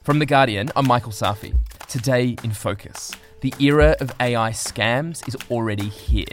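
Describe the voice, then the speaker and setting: A man hosting a news podcast, reading scripted narration in a measured, grave way. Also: medium pitch, soft background music. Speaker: podcast host.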